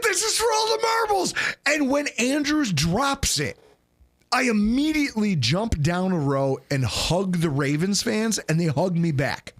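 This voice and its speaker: A man co-hosting a casual podcast, excitedly telling stories and acting out the people he quotes. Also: sits high. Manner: animated, excitable storyteller who acts out quotes. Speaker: podcast co-host. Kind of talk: casual chat.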